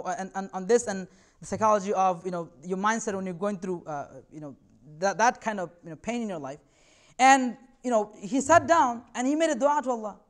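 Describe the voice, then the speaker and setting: A man's voice: very high voice, smooth. A man giving a religious talk to students, earnest and conversational, reassuring his listeners in a loose, chatty way. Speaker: invited speaker.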